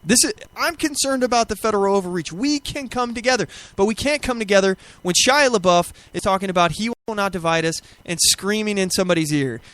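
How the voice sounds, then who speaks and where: A man's voice: high-pitched, a little fast, few pauses, a bit bright, no echo. Opinionated male talk show host. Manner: argumentative, rhetorical questions, frequent restarts. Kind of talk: opinionated commentary.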